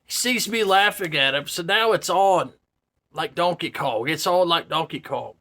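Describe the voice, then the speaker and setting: A man's voice: fairly high pitch, moderate pace. A man in his fifties telling a story casually to camera, swearing often and laughing. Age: 50s. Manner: profane, laughing, animated. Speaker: vlogger.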